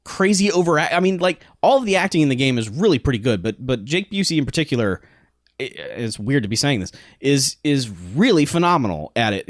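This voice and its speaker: A man chatting loosely about games on a podcast, wandering through his thoughts and often breaking into laughter. His voice is mid-pitched and recorded close, with hardly any room sound. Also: no room sound. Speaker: podcast co-host. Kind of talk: casual chat.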